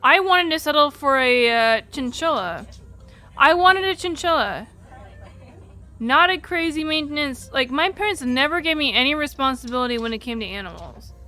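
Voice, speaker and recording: A young woman chatting candidly on a live stream, her voice bright and a little high. She rambles through a personal story with filler words at every turn and drops swear words in passing. Faint music plays softly behind her. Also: expressive, moderate pace. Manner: swears casually. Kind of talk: casual storytelling and chat reading.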